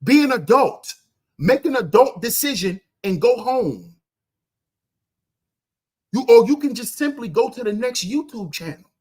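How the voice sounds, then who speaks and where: A man hosting a livestream, ranting loudly and crudely at his chat, firing off rhetorical questions and answering them himself. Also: very high-pitched, sing-song, a little slow, pauses often, slightly rough. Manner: loud, confrontational, profane, often shouting. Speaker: livestream host. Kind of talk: ranting commentary to live chat.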